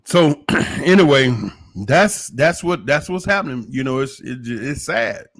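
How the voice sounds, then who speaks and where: A man's voice: mid-range voice, animated, a little slow. A man giving an opinionated livestream monologue, preachy and emphatic, firing off rhetorical questions. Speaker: livestream commentator.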